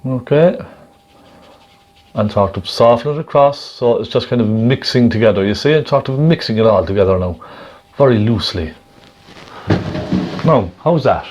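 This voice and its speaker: Man, painting instructor, talks the viewer through each step, mid-pitched voice, slightly muffled sound. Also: lively intonation, normal speed, pauses often. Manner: gentle, chatty, keeps checking in with the viewer.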